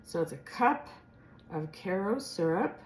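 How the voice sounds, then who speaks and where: A woman's voice: fairly low pitch, expressive, measured pace, a little hiss or hum. A woman with a General American accent, chatting casually as she cooks in her home kitchen and thinking aloud as she goes. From Midwestern or Western United States. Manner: chatty and rambling, thinking aloud while cooking. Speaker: home cook. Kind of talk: casual cooking vlog. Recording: echoey kitchen with clattering dishes.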